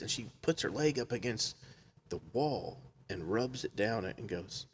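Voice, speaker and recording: A man's voice: on the low side, moderate pace, slight background noise. A man telling a funny story in a casual chat, laughing often and acting out the people in it. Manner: animated, laughs often, acts out quotes.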